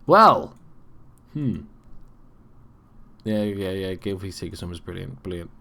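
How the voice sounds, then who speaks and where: A man's voice: sits low, animated, a little slow, gravelly, a little hiss or hum. Young man, casual game commentary. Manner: swears freely, reacts loudly to plays. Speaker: let's play host.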